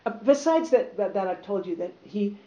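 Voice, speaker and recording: A woman reading a passage aloud to an audience, then talking it over in a relaxed, loose way. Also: medium pitch, moderate pace. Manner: relaxed, loose, many fillers. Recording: roomy, slightly dull recording.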